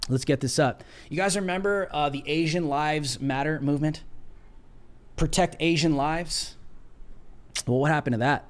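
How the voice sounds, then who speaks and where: A man's voice: fairly high pitch, brisk, few pauses. A man hosting a political livestream, reading a news article aloud with emphatic, sarcastic asides. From United States. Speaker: political commentary host.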